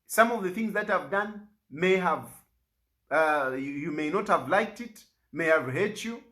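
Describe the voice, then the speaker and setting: A middle-aged Zambian man speaks with urgent, pleading force. His pitch climbs and drops widely from phrase to phrase as he presses his point. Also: pushed and bright. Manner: pleading, rises and falls sharply in pitch. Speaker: opposition party leader. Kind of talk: impassioned public statement.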